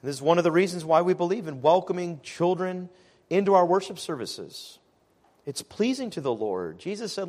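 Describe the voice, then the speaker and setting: Emphatic male preacher, fairly high voice. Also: animated, a little mellow. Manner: measured, emphatic preaching with slowed stressed phrases. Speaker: pastor. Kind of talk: sermon.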